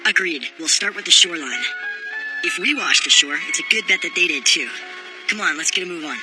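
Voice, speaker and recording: An earnest young hero who stays steady and keeps urging his friends on. His voice sits high and moves a lot in pitch, with a music score behind it in an anime English dub. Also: a little fast, low-quality recording. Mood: determined. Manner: steady, encouraging. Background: background score.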